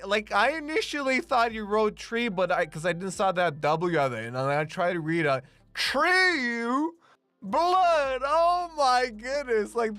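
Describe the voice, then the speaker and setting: Unhurried streamer, chatty and laughing. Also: medium pitch, fairly bright tone. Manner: chatty, laughs often, swears freely, fills with "like". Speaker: streamer drawing live. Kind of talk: casual live-stream chat with viewers. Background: faint background music.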